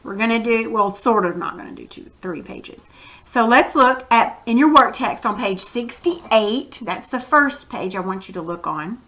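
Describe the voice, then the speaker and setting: Recorded through a computer mic, this reading lesson for children is led by a woman whose voice sits on the high side at an ordinary pace. Lively in manner, she performs the quoted lines as she reads.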